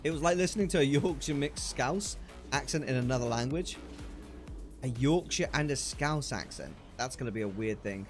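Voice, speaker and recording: A man's voice: medium pitch, moderate pace, faint music behind. Chatty man streaming a game. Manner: chatty, excitable, laughs often, trailing restarts. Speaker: livestreamer. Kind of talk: casual live-stream chat while gaming.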